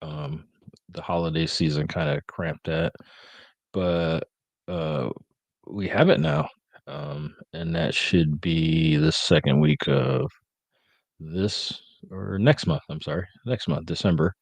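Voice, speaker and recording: A man with a very low voice talks in an easy, rambling way, filling pauses with ums and uhs. He sounds a bit sleepy. The sound is dry and close, with no room around it. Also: lively intonation, vocal fry, no echo. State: sleepy, yawning. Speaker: podcast host. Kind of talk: casual live-stream chat.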